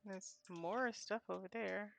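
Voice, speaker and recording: A woman's voice: medium pitch, steady tone, slow pace, vocal fry, a little hiss or hum. A woman streaming a game, muttering reactions to herself into a close mic.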